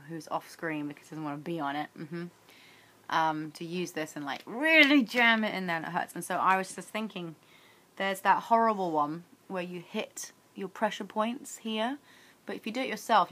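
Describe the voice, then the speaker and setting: Bright chatty young woman doing a daily vlog challenge, giggly, teasing her husband. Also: deep voice, a little fast. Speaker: vlogger.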